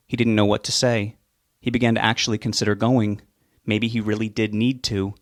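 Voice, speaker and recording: A man reading a novel aloud in measured, unhurried scripted narration. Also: on the low side, flat delivery, no echo, clean studio sound. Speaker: audiobook reader.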